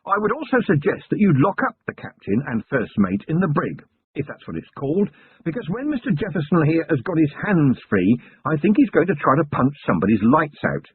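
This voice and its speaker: Man reading a stern commanding police chief, husky, dry, tinny sound. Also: on the high side, sing-song, brisk, voice pushed up, exaggerated voice. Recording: tinny lo-fi recording.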